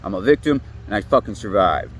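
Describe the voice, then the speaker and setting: A man's voice: fairly low pitch, expressive, a little fast, fairly bright tone, slight background noise. A man in his late thirties giving a profane, rambling, heated monologue outdoors. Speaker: vlogger. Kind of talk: ranting monologue. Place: outdoors near woods.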